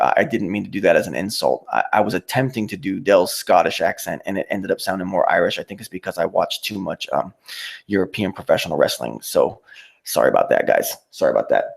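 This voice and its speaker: A man's voice: sits low, creaky. A man hosting his own livestream, ranting in a profane, mocking, rambling way. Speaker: YouTube livestreamer. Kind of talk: casual livestream rant.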